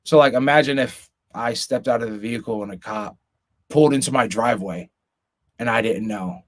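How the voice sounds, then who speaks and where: Earnest mid-pitched man voicing concern. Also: brisk. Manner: earnest, speaks with concern, stumbles and restarts. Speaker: podcast co-host. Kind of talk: casual podcast chat.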